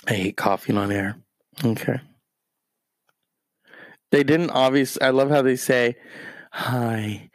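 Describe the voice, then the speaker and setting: A show host rants comedically in a crude, rambling, self-mocking way. His voice is medium-pitched and a bit bright, with no room sound.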